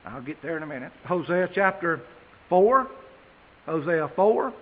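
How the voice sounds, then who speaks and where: A man delivers a sermon, reading scripture slowly and emphatically before easing into plain talk with his listeners. His voice sits high for a man. The sound is muffled and lo-fi, with a long reverb trailing each phrase. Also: expressive. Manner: slow emphatic scripture reading, then plain conversational aside. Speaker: preacher. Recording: dull, echoey hall.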